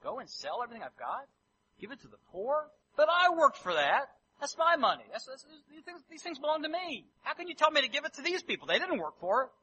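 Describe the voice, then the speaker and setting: A man's voice: very high voice, sing-song, fast talker, sharp tone, pitched above the performer's own voice, full character voice, poor audio. A man voicing an indignant, possessive rich young man who protests defensively.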